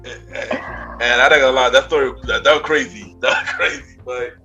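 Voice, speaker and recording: A man hosting a podcast interview, relaxed and repeating phrases as he steers the talk. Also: medium pitch, normal speed, faint music behind. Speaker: podcast host. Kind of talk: casual interview chat.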